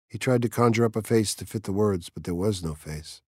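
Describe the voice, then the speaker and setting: A man narrating an audiobook in a measured, even storytelling manner. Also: on the low side, breathy edge, dry recording, studio quality.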